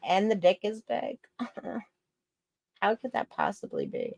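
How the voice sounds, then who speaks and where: A woman's voice: medium pitch, measured pace, gravelly. A woman with a New York accent, co-hosting a casual podcast and telling stories that act out what other people said. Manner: animated storytelling, acting out others' lines, laughing often. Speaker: podcast co-host. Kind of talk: casual chat.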